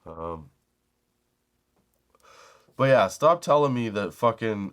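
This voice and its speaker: A man's voice: fairly low pitch, lively intonation, slow, a bit bright. Man, middle-aged, comedy podcast host, casual storytelling, profane, laughs at his own jokes, acts out quotes. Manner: acts out quoted people in raised voices.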